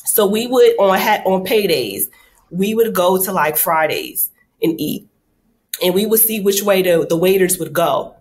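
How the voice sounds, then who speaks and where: A woman hosting a casual talk show, telling lively stories with acted-out quotes and casual swearing. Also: medium pitch, unhurried. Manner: candid, animated storytelling with acted-out quotes. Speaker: host. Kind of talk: casual chat.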